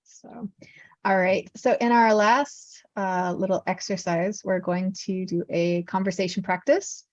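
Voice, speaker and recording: A woman's voice: medium pitch, steady tone, a little slow, a little mellow, no room sound, dull audio. Chatty woman teaching over a video call. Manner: chatty, upbeat, many fillers. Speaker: Malayalam teacher. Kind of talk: casual online lesson talk.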